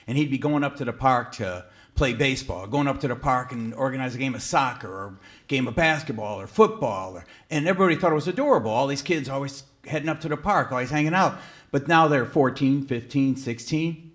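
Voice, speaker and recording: A middle-aged man tells a personal story to a live audience in a museum hall. He speaks at a middle pitch, conversationally, with plenty of fillers and restarts. When he quotes his own shocked replies, his voice climbs sharply. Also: fairly quick. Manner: conversational, with many fillers and self-corrections; sharply raised pitch when quoting himself in disbelief. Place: museum event hall, on stage before an audience.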